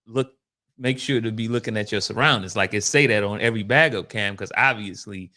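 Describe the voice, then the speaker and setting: A man co-hosting a podcast in casual chat, telling stories with animation and laughing often. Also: brisk. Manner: animated storytelling, rising high when worked up, laughs often. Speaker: podcast co-host.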